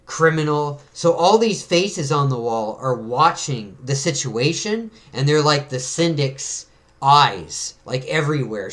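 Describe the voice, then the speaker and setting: A man in casual conversation, reading a comic book aloud and dropping into quick little voices for its characters as he goes. His voice sits at a middle pitch. He talks in an easy, chatty way. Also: fairly bright tone. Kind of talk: casual read-through of a comic.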